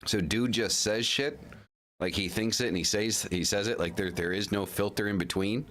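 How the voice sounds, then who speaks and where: A man with a deep, low-pitched voice hosts a livestream in relaxed, rambling chat. He often restarts his sentences and swears casually as he talks. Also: moderate pace. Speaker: livestream host.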